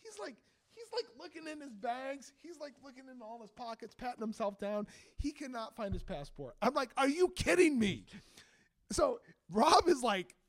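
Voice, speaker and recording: Lively animated man telling a story. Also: normal speed, few pauses, no room sound. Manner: animated, acts out quotes with big pitch jumps. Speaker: band director and teacher. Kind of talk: casual storytelling chat.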